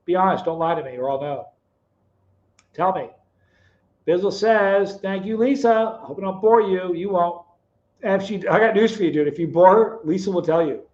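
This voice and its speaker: Man, middle-aged, live stream host, casual chat, teasing, fairly high voice, dull lo-fi sound. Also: normal speed, a little mellow. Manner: chatty, teasing viewers by name, storytelling.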